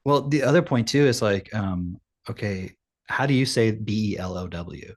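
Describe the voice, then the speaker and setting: A man in a casual reaction chat who gets animated, jumping up in pitch as he makes a point and swearing offhandedly. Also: moderate pace. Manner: animated, rises sharply in pitch when making a point; swears casually, rhetorical questions. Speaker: co-host.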